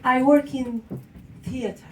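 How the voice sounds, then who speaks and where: A woman's voice: sits high, steady tone, slow, very noisy. A woman with a non-native English accent performing a stand-up comedy set, chatty and swearing, laughing at her own jokes. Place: live comedy venue with audience. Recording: echoey room, mic heard from a distance, crowd laughter.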